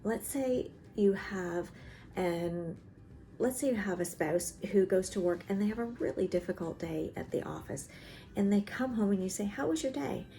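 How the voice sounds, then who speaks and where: A woman therapist calmly explaining emotional boundaries, acting out small everyday conversations as she teaches. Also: medium pitch, moderate pace. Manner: gentle and explanatory, acts out little dialogues. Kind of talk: teaching talk to camera. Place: in South Carolina.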